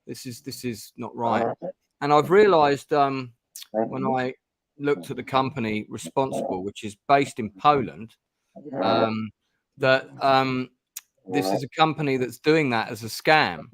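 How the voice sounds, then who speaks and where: A man's voice: mid-range voice, measured pace, dry recording, studio quality. A middle-aged man hosting a gamebook stream, chatting casually with lots of ums and restarts. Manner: rambling, many ums and restarts. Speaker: stream host playing a gamebook. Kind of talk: casual chat.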